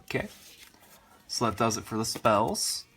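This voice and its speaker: A man hosting a card game channel, talking through his deck in a rushed, rambling way, full of fillers. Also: fairly low pitch, expressive, a bit bright, soft background music. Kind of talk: casual deck walkthrough.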